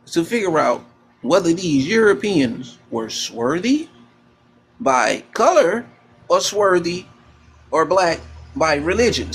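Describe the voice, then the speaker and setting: A man doing casual, heated debate banter on a panel, talking loud and joking with lots of trash talk and laughter. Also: a little high, a little hiss or hum.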